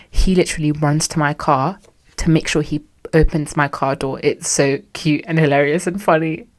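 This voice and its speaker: A woman's voice: sits low, a little mellow. A young adult woman hosting a solo podcast, ranting dramatically and sassily, acting out little scenes. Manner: dramatic, sassy, acts out quotes. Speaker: podcast host.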